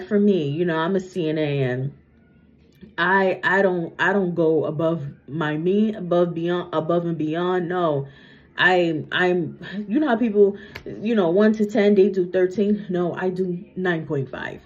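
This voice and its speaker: On a muffled, lo-fi recording, a young woman with a lowish voice does a psychic reading at a slightly slow pace. The monologue is casual and chatty, her sentences ending in "right?" or "okay?", and her retainer makes her sound a little slurred.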